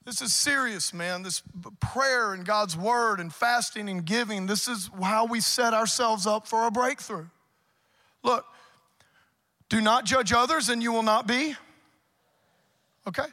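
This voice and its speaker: A man preaching a sermon as pastor, building to loud emphatic points. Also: sits high, unhurried, long pauses. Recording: reverberant church hall.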